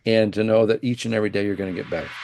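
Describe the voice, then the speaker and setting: Gravelly, low-voiced man telling stories. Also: rapid-fire, loud music behind the voice. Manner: animated storyteller who acts out quoted dialogue. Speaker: guest, financial planner and former coach. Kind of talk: casual storytelling in a podcast interview.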